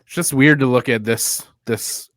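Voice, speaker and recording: A man's voice: medium pitch, a little slow, no echo, studio quality. Laid-back man telling a story on a podcast. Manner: animated storyteller, laughs at his own story. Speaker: podcast co-host. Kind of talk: casual chat, storytelling.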